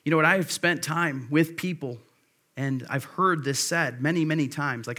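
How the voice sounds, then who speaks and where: A man's voice: on the high side, normal speed, bright, forceful tone. A man preaching a sermon at a church service, earnest and conversational, repeating key phrases for emphasis. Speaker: pastor.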